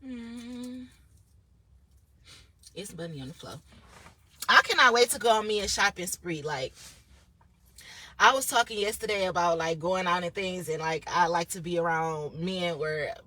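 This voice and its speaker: A woman's voice: fairly low pitch, unhurried, long pauses, pushed and bright. A young woman talking straight to a phone camera in a casual vlog, blunt, profane and rambling. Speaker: vlogger.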